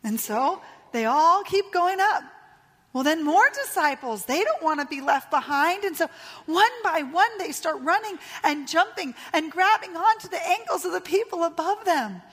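A woman pastor in her thirties preaches with a high, bright-pitched voice, spinning a story and voicing its characters. Her words ring out with the long reverb of a church hall. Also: expressive, normal speed. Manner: storytelling, retelling a tale with voiced lines. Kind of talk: sermon.

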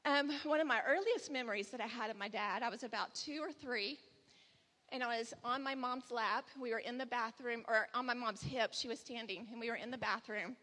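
A woman's voice: on the high side, brisk, pushed and bright, in a large hall. A woman in her forties giving a personal testimony at church, telling candid stories and acting out her son's lines. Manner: candid storytelling, quotes her son in dialogue. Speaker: church speaker.

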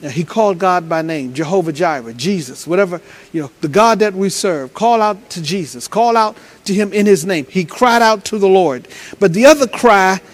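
High-voiced preaching man. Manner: repeats words while building up, swings from loud preaching to low talk. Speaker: pastor. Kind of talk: sermon.

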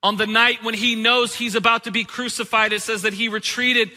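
A man's voice: very high voice, flat delivery, a little fast, sharp tone, big-room sound. A man pastor giving a sermon in a conversational, joking way, with rhetorical questions to his listeners.

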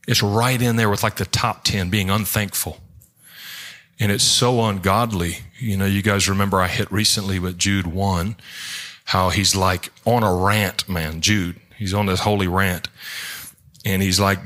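A male pastor preaching a sermon in church, in an animated, rambling way, acting out quotes as he jumps between points. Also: low voice, moderate pace.

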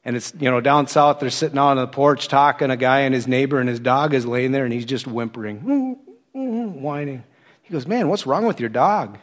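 A middle-aged man giving a sermon, telling his own story in a conversational way with animated quoted asides. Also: mid-range voice, brisk. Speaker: associate pastor turned preacher. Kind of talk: sermon with personal testimony.

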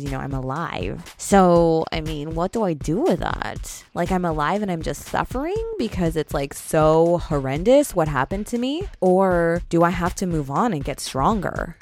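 A woman's voice: animated, moderate pace, few pauses, darkish tone. A young woman hosting a solo podcast, talking casually and candidly with emphatic swings in her voice. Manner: chatty, candid, emphatic with pitch jumps. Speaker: podcast host.

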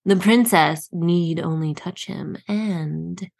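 Woman playing a simpering male spymaster, slow, ingratiating, groveling, storybook reading. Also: lowish voice, gravelly, a little mellow, exaggerated voice. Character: groveling older male royal spy master.

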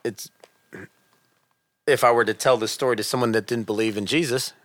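A middle-aged man telling a personal story in casual chat, animated and earnest, dropping softer at tense moments. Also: medium pitch, fairly quick, no room sound.

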